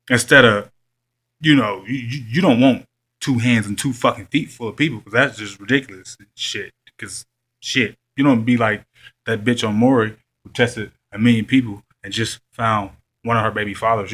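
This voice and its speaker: A man's voice: medium pitch, a bit bright. A man telling a story to camera in a blunt, profane, slangy rant. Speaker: vlogger.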